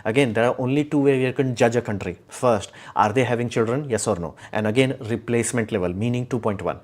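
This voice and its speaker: A man's voice: medium pitch, fast talker. A man hosting a casual live stream, giving strong opinions in a rambling way with many fillers and restarts. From India.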